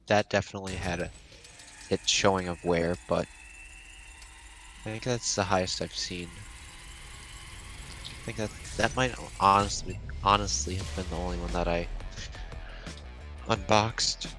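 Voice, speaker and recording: A man's voice: sits low, steady tone, a bit bright, soft background music. A man with an American accent chatting in an easygoing way with a co-host. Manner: slow, easygoing, laughs along. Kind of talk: casual chat.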